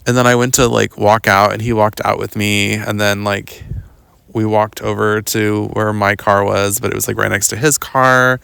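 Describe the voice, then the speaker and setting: A young adult podcast host telling a long personal story outdoors in a rambling, casual way, full of "like" and "um". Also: male voice, fairly low pitch, flat delivery, moderate pace, gravelly, bright, forceful tone, clear, resonant tone, no echo. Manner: rambling, lots of "like" and "um", mimics others in quotes. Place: outdoors walking in the woods.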